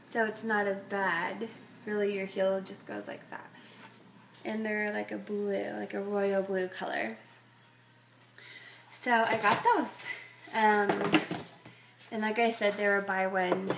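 A woman's voice: a little high, a bit bright, slight background noise. A middle-aged woman chatting casually in a fashion haul vlog, rambling and filling her talk with "like" and "um". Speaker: fashion vlogger.

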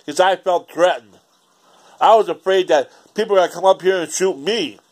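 A man's voice: high-pitched, normal speed, darkish tone. A man, ranting casually and profanely in a rambling home vlog. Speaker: vlogger.

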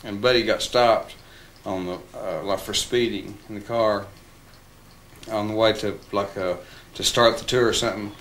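A man's voice: lowish voice, fairly even intonation, normal speed, fairly bright tone, a little hiss or hum. A man in a documentary interview, telling a story from memory in a rambling way with many fillers. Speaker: interviewee recalling a musician friend.

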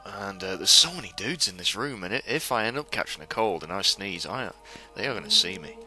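A young man commentating a stealth video game for viewers, excitable and swearing as he plays. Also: deep voice, a little fast. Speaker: gamer playing a stealth game. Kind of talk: let's play commentary. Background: game music.

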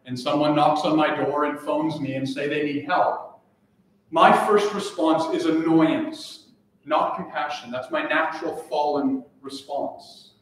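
In a church sanctuary, a pastor preaches an earnest, emphatic sermon and keeps repeating his key phrases. His voice is slightly high, with a steady tone and a measured pace. A distant mic picks him up, so the church sounds echoey.

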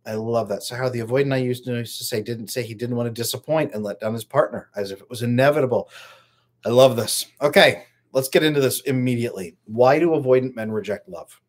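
A man's voice: mid-range voice, fast. A man coaching on relationships in a live stream, talking casually and greeting viewers from the chat by name.

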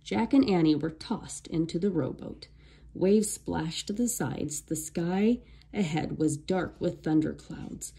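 A woman reading a children's storybook aloud in a slow, expressive way. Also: lowish voice, vocal fry, husky. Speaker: storybook reader. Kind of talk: read-aloud storybook narration.

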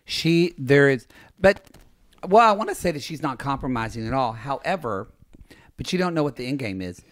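A man's voice: medium pitch, animated. A man co-hosting a podcast, chatting casually and gossiping playfully about a reality show. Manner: gossipy, playful, quick to laugh. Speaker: podcast co-host.

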